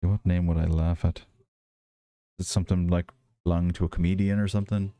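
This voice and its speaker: A man with a softened Irish accent, chatting casually and rambling as a livestream host. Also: low-pitched, fairly quick, no echo. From Ireland. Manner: rambling, relaxed, many fillers and restarts. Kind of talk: casual chat while building and reading chat.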